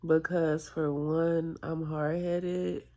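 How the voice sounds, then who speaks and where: Teary woman venting on her vlog, slow and halting, sighs a lot, voice on the low side. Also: little pitch movement. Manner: halting and reflective, with sighs and soft whispered asides. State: tearful, close to crying. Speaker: vlogger. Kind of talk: personal vlog confession.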